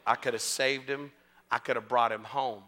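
Man doing God's voice, low hushed and slow, calm. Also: lightly acted. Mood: gentle. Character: God, a calm deep male voice speaking.

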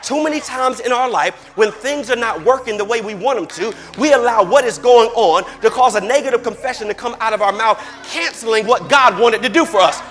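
A man preaching a fervent sermon, repeating phrases, calling for the congregation's responses and rising into shouts. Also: extremely high pitch, brisk, few pauses, faint music behind.

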